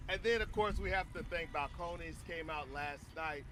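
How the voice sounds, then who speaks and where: A man from Missouri hosting a casual livestream outdoors at a tailgate, upbeat and quick to laugh. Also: fairly high pitch, crowd noise. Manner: upbeat, laughs often, thanks sponsors. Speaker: livestream host. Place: outdoor tailgate area beside a stadium.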